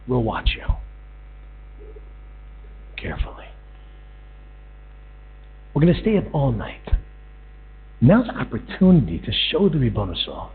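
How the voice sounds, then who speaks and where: A man with a medium-pitched, slightly breathy voice gives a Torah talk as a storytelling sermon. He animatedly acts out the voices in a parable and builds up to pleading. The recording is tinny and lo-fi, with mains hum.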